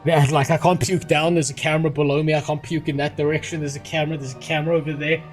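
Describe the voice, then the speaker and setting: A male streamer with a slightly high voice talks off the cuff from a small room at home, rambling, swearing freely and poking fun at himself. He sounds a little queasy after being sick, and soft music plays faintly behind him. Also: level tone, fast. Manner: profane, rambling and self-mocking. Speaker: livestreamer. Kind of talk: casual livestream chat.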